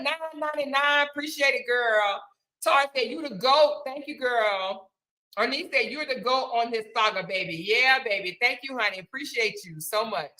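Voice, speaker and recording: A woman's voice: fairly high pitch, bright, forceful tone, low-quality recording. A woman hosting a casual livestream, chatting and thanking viewers as she reads their comments. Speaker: livestream host.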